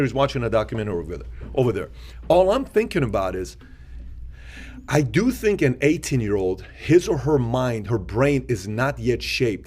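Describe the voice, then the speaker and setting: A man's voice: mid-range voice, darkish tone. Man musing aloud on a podcast. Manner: thinks aloud with repeated restarts. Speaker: podcast co-host. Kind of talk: casual podcast discussion.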